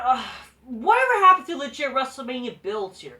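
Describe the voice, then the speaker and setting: Woman reviewer, high bright voice, fed-up and profane, recorded a bit off-mic. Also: very animated, fairly quick, hardly any pauses, far from the mic. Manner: exasperated, swears constantly, mocks wrestlers in sing-song quotes. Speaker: wrestling show reviewer. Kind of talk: profane ranting commentary.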